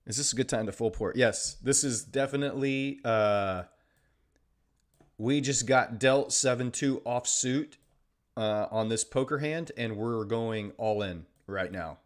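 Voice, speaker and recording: Taking things slowly in a medium-pitched voice, a man hosts a trading livestream, casually chatting with viewers. He jokes, leans sarcastic, and reads the chat out loud.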